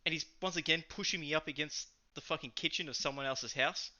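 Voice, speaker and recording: A man co-hosting a podcast, telling a story in a casual, animated way, swearing freely and acting out what people said. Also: a little high, quick pace, lo-fi sound, a crowd in the background. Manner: animated, swearing, acts out quotes. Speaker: podcast co-host.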